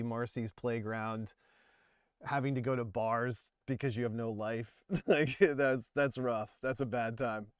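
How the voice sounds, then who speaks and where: A man's voice: medium pitch, clear, resonant tone, dry recording, clean studio sound. A man in his forties hosting a casual livestream, rambling and laughing as he talks about music. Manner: rambling, chatty, laughs often. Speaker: livestream host.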